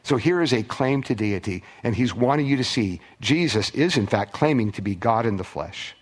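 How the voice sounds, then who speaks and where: A man's voice: medium pitch, expressive, normal speed, breathy edge. A man preaching a sermon as pastor, conversational, with restarts and acted-out quotes. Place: church.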